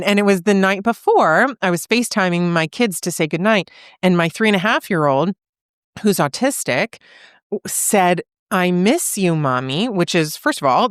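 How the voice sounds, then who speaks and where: A woman's voice: fairly low pitch, no echo, clean studio sound. A woman in her thirties, a therapist and podcast co-host, earnestly telling a personal story and often checking in with "right?". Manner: earnest, uses many "right?" tag questions. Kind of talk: reflective conversational storytelling.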